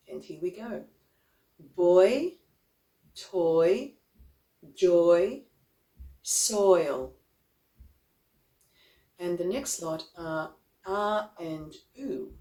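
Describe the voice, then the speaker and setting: Slow, deliberate woman vocal coach. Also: sits low, darkish tone, echoey room. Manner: slow, deliberate, demonstrates example words one by one. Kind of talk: instructional explanation.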